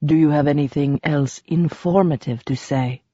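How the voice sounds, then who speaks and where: A woman's voice: low-pitched, moderate pace, mellow, husky, no echo, lo-fi sound, voice pushed down. A woman reading an audiobook, voicing a brooding, cursed immortal man who speaks tersely. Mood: grim. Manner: terse, tense.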